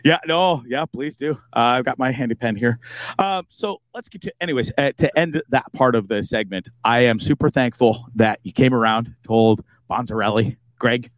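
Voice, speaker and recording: A man's voice: medium pitch, normal speed, no room sound. A man hosting a podcast in casual chat, rambling with many restarts in a friendly way. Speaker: podcast host.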